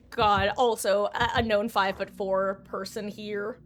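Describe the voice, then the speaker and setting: A woman's voice: medium pitch, level tone, takes it slowly, a little hiss or hum. A woman livestreaming a game, chatting casually and rambling to her viewers on a desk microphone. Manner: chatty, rambling, talks straight to chat. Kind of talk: casual gaming stream chat.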